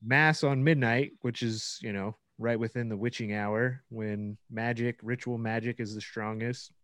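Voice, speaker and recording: A man's voice: medium pitch, steady tone, measured pace, fairly bright tone, dry recording, studio quality. A man co-hosting a podcast in casual chat, rambling through ideas, swearing and laughing often. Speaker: podcast co-host.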